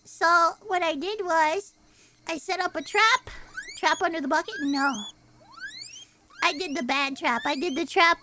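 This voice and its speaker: A young woman streamer chatting casually to her viewers, rambling, swearing and laughing loudly and often. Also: high voice, a little hiss or hum. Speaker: streamer and voice actor. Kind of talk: casual live-stream chat.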